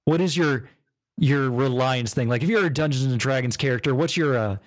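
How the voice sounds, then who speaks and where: A man's voice: medium pitch, brisk. Laid-back rambling podcast host man. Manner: loose and rambling, full of fillers and tangents. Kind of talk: casual chat.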